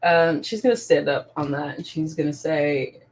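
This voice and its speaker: Young woman player, rambling, laughing, low voice, tabletop role-play. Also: normal speed, darkish tone. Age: young adult. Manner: rambling, laughing, lots of fillers. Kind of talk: narrating her character in a tabletop game.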